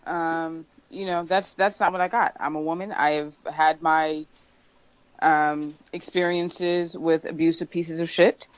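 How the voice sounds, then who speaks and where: A woman co-hosting a casual sports podcast, soft-spoken and agreeable, with hesitant fillers. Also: low voice, steady tone, measured pace, no room sound, poor audio. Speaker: co-host.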